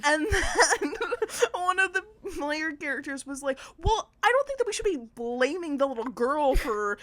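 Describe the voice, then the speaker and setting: A woman's voice: high-pitched, animated, a little slow, fairly bright tone. A young woman co-hosting a podcast, telling a story in casual chat, rambling with lots of fillers, swearing and laughing along the way. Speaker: podcast co-host.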